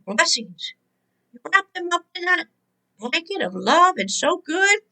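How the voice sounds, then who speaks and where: A woman's voice: very high-pitched, very animated, a little slow, bright, forceful tone, low-quality recording. A woman hosting a spiritual motivational talk, emphatic and exhorting, repeating her key words. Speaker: host and motivational speaker.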